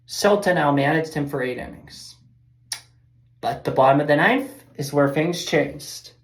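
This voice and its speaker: A woman's voice: deep voice, measured pace. A woman giving a casual, rambling, fired-up baseball recap as host of a fan show. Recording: echoey room.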